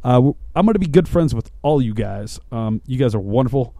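A man rambles through his podcast sign-off in a loose, chatty way. His voice is mellow and rather dark, and it is recorded dry and close with no room sound around it. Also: mid-range voice, expressive, brisk, creaky, no room sound. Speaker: podcast host. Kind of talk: casual podcast outro.

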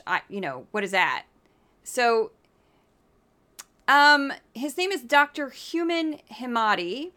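Bright, sarcastic woman podcast host. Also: on the high side. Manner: sarcastic, animated and opinionated. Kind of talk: political commentary podcast.

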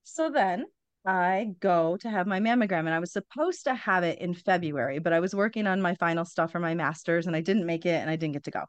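Woman in her forties, low voice, dry close sound, blunt and wry, swears a lot, candid storytelling. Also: fairly quick, no room sound. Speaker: podcast guest.

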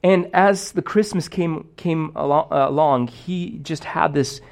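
A young man delivers a sermon as if chatting with friends, looping through stories with plenty of "like" and false starts. His voice sits a little higher than most men's. He talks loosely and conversationally rather than in a formal pulpit manner. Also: unhurried, gravelly. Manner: casual storytelling with many fillers. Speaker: pastor.

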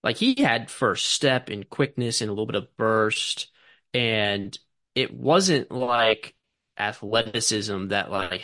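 A man's voice: lowish voice, pushed and bright, dry recording. Chatty rambling man, dry sound. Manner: rambling, filler-heavy, swears casually. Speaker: podcast co-host. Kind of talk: casual sports chat.

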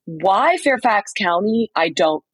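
A woman co-hosting a podcast from a motel room, telling a story in casual chat with quick asides. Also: mid-range voice, animated, breathy edge, no room sound, low-quality recording. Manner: chatty storyteller, quick asides and acted-out quotes. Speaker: podcast co-host reporting from a trial.

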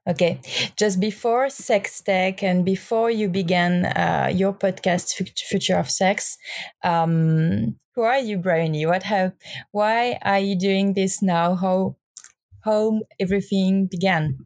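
A woman's voice: medium pitch, steady tone, takes it slowly, darkish tone, dry recording. Woman host, French accent, hesitant and friendly, dry close sound. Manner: hesitant, many fillers and restarts, friendly. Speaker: podcast host. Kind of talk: casual interview chat.

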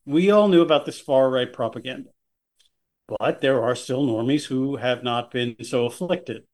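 A man co-hosting a political podcast, talking in a sarcastic, animated way with jokey asides. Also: mid-range voice, normal speed. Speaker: podcast co-host. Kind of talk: casual political podcast chat.

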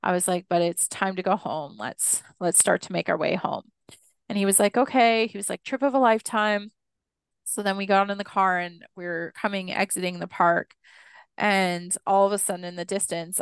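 A young adult woman telling a personal story in a podcast interview, animated and acting out the dialogue she quotes. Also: fairly low pitch, brisk, vocal fry, smooth, no room sound. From Canada, Six Nations Mohawk community. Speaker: guest, Indigenous educator.

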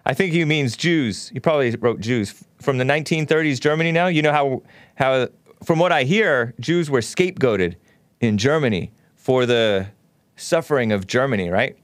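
A man's voice: mid-range voice, expressive, normal speed, no room sound. A male talk show host delivering an opinionated monologue in a scornful, ranting way, with mocking laughs.

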